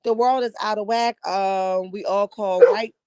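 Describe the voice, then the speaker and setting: A woman's voice: medium pitch, steady tone, unhurried, heavy background noise. A woman hosting a casual live commentary stream from home, sassy and emphatic, often asking "right?". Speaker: livestream host.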